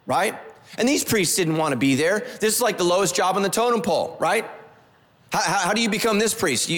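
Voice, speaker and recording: Guy preaching in a church, kinda high voice, long echo in the hall. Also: a bit bright. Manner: conversational preaching with repeated phrases, asks the congregation questions. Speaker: pastor. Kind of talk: sermon. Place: church sanctuary.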